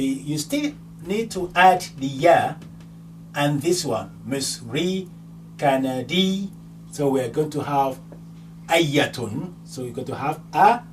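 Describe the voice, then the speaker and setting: A man teaching a grammar lesson step by step, patiently repeating each word and ending, with a faint hum behind him. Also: a little high. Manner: patient, repeats words and endings many times. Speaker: language teacher. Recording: distant mic, faint hum.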